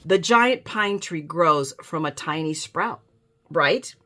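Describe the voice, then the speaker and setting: A woman's voice: low-pitched, animated, slow pace, pushed and bright. A woman showing off a paper haul in a casual vlog, gushing with enthusiasm and reading quotes aloud. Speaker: scrapbooking vlogger.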